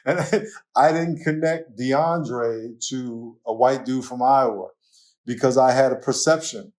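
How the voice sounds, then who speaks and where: A man with a New York accent, a pastor talking as a guest in a casual interview, telling lively stories and laughing often. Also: medium pitch, slow. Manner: animated storytelling, laughs often.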